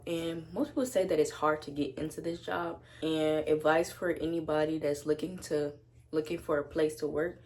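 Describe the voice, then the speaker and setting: Low-voiced young woman telling a blunt story. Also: darkish tone. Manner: blunt, profane, slangy. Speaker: vlogger. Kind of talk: casual storytime vlog. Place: at home with her dog.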